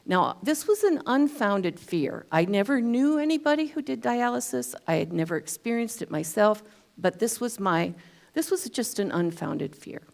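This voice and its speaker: A woman's voice: mid-range voice, sing-song, moderate pace, creaky, a little mellow. A woman giving a talk at a spiritual center, telling a personal story in a chatty way with self-deprecating humor. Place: church hall.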